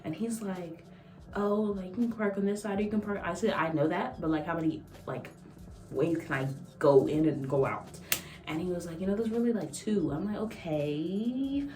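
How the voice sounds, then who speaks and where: A woman's voice: lowish voice, moderate pace, mellow. A young woman vlogger telling a casual story, acting out quotes and laughing often. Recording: echoey room, mic at a distance.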